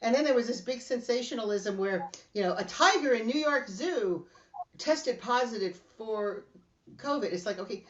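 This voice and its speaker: A middle-aged woman hosting a casual podcast chat, telling animated stories and laughing often. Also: on the high side, moderate pace, lo-fi sound. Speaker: podcast host.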